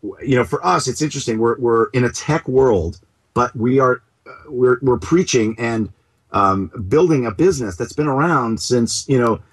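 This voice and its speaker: A man being interviewed as a company co-founder, talking in an animated, jokey way. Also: medium pitch, normal speed, husky. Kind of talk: casual interview.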